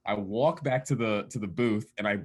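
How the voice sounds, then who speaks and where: A man's voice: on the low side, normal speed. A man telling casual anecdotes among friends, laughing often and acting out quoted lines. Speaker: DJ and podcast guest. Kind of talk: casual storytelling chat.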